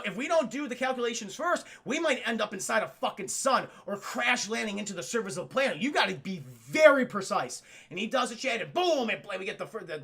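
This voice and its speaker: A male streamer retells a film to his live chat, swearing and rambling for comic effect. His voice is lively and animated. It sounds bright, with a gravelly edge. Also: high-pitched.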